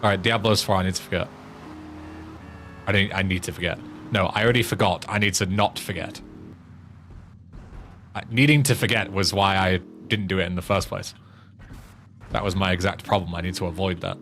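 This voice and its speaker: A man's voice: low voice, fairly even intonation, a little fast, pauses often, a bit bright, faint music behind. A man with a Yorkshire accent giving casual streaming commentary while playing a game, with dry asides to himself.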